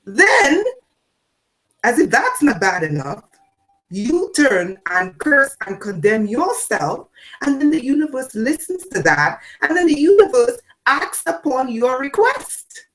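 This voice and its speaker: A woman giving a spiritual talk to her audience. She repeats phrases for emphasis and swings between loud declarations and low asides. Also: very animated, slow. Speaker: spiritual teacher.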